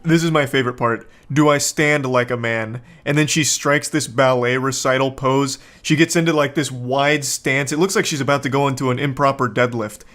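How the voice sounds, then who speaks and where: Guy doing deadpan sarcastic video commentary, regular-pitched voice, jokey tone. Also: moderate pace, hardly any pauses. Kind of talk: comedic commentary on a viral clip.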